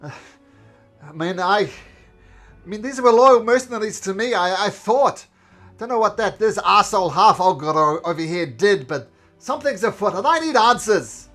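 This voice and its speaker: A man voicing Cudgel, an indignant, blustering male leader who shouts his lines in a tabletop game. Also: high voice, lively intonation, normal speed, faint music behind, pitched above the performer's own voice, full character voice.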